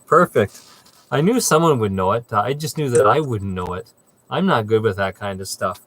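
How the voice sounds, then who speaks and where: A man hosts an amateur radio net in relaxed, chatty talk. He drifts along with plenty of uhs, sitting at a middle pitch. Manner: easygoing, chatty, frequent uhs. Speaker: net control host of a ham radio net. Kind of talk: casual radio chat.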